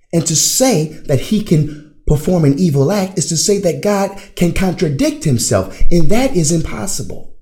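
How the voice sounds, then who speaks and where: A man's voice: on the high side, a little mellow. A man teaching theology in a classroom style, putting rhetorical questions to his listeners and answering them himself. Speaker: religion teacher.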